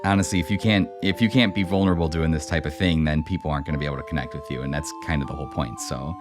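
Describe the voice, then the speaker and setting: A man talking as a podcast guest in casual, earnest chat, his voice trailing off softly. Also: rumbling low, fairly even intonation, very fast, music in the background.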